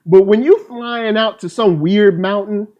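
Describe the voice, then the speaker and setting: A man's voice: high voice, unhurried, lo-fi sound. A man hosting a live stream trailer reaction chat, talking in a hype, playful, slang-filled way. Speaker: host.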